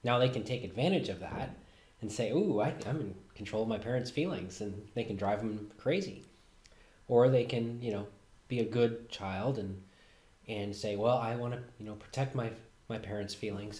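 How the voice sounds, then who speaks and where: A man hosting a reflective self-help talk, speaking calmly and letting his voice fall softly at the ends of phrases. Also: fairly low pitch, normal speed. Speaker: host. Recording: roomy echo.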